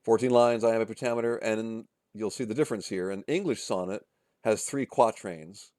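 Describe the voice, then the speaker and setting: A man's voice: fairly low pitch, normal speed, mellow, dry recording, studio quality. A male literature instructor giving a casual recorded lecture, with frequent fillers and restarts, often checking in with "okay?" and "right?". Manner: chants rhythms and rhyme schemes aloud.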